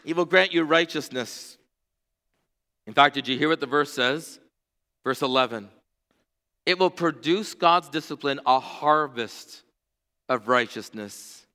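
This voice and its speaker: In a large hall with long reverb, a middle-aged pastor with a mid-range voice preaches a sermon. His impassioned delivery relies on rhythmic repetition and swings from hushed tones to near-shouting.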